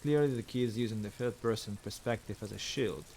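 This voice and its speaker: A man's voice: lowish voice, a little fast, gravelly, darkish tone, a little hiss or hum. A man streaming a game, a native Russian speaker reading its dialogue aloud in English with hesitant fillers.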